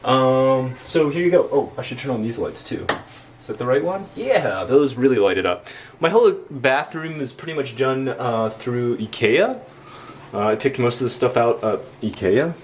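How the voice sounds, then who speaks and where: A man's voice: medium pitch, expressive, normal speed, a little hiss or hum. A young man giving a casual, rambling home-tour vlog inside his house, self-deprecating and full of fillers.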